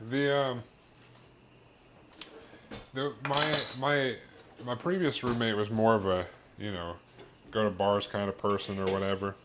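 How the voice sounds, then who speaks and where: A man's voice: lowish voice, slight background noise. A man streaming while he cooks in his home kitchen, chatting casually and rambling with lots of fillers, restarts and easygoing swearing. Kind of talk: casual chat while cooking.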